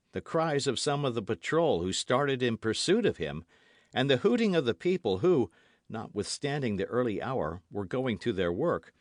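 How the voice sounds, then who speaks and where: Brief: male narrator, lively intonation, dry close studio sound. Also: medium pitch, dry recording. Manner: expressive, animated reading. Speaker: audiobook narrator. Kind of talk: scripted narration.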